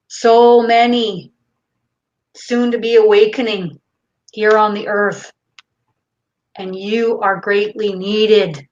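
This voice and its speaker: A woman with a Canadian accent, hosting a live stream and reading viewer questions aloud in a casual, relaxed way. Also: medium pitch, drawn-out words, long pauses, lo-fi sound. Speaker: host.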